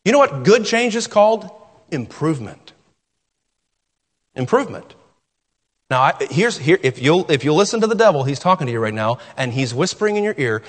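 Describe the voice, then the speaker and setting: A man's voice: a little high, very animated, normal speed, pauses often. A middle-aged male pastor preaching a sermon, emphatic and repeating key phrases for weight. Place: church sanctuary. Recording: long reverb of a church hall.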